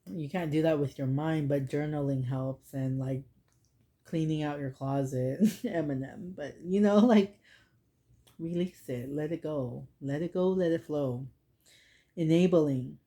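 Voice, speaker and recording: A woman's voice: low-pitched, measured pace, mellow. A woman in her thirties giving a casual, heartfelt oracle card reading, rambling and filling her talk with "like". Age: 30s. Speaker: tarot and oracle card reader.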